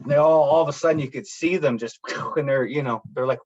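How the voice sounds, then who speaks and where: A man's voice: medium pitch, quick pace, hardly any pauses. Rambling man telling stories, dull sound. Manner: rambling, many fillers, acts out quoted voices. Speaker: guest speaker. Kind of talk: casual talk at a speaker panel.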